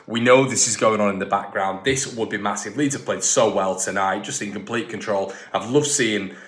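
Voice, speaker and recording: A man hosts a football fan channel in a loose, casual ramble, pressing his points hard and circling back with repeats and restarts. His voice sits on the low side. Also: normal speed, a bit bright. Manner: chatty, emphatic, repeats himself, many restarts.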